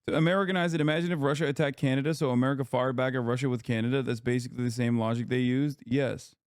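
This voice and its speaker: A man's voice: mid-range voice, fairly even intonation, rapid-fire, darkish tone, clean tone, dry recording, clean studio sound. Blunt, profane male streamer. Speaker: streamer host. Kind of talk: live reaction stream commentary.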